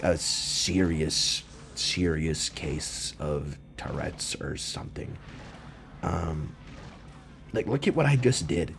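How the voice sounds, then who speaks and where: A young man casually commentating his own gameplay, rambling and joking, with sudden loud yells. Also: deep voice, slight background noise. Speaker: gaming channel host.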